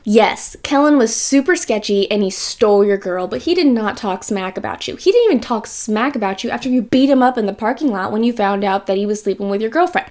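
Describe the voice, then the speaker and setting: A woman's voice: mid-range voice, normal speed, hardly any pauses, darkish tone. Emphatic, slangy woman reviewing a book. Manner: emphatic, repeats points, slangy asides. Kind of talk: casual book review chat.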